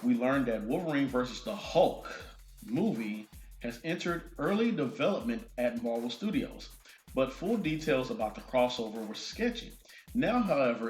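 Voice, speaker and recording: A man hosting a casual movie news vlog, reading an article aloud and breaking off with excited asides. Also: medium pitch. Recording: roomy echo.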